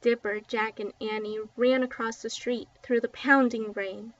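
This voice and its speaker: A woman reading a children's book aloud with expressive, dramatic storytelling, recorded dull and a little distant from the mic. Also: fairly high pitch, unhurried, few pauses, no room sound. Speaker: book reader.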